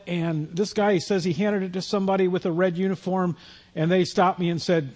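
A man's voice: high voice, steady tone, quick pace, darkish tone. A man preaching a sermon, telling a self-deprecating personal story in a conversational way. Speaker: pastor.

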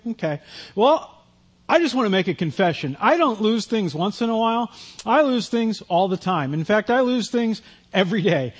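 A man preaching a sermon, telling a self-deprecating personal story in a conversational way. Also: high voice. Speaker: pastor.

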